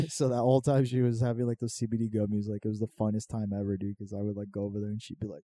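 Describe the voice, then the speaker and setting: A young man telling a funny story in casual chat, animated and profane, often laughing. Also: fairly low pitch, fast talker, dry recording.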